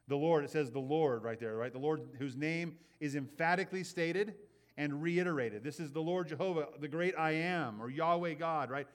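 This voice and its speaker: A man preaching a sermon in an earnest way. He often checks in with the listeners with a quick "right?" and repeats words as he builds his points. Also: on the high side. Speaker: pastor.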